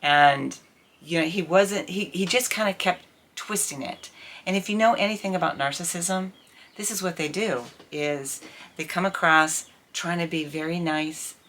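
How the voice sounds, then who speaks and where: A middle-aged woman chats to camera in a casual vlog, her voice sitting low in pitch. She talks candidly and with animated indignation. A faint hiss of noise runs under her voice. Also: moderate pace. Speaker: vlogger.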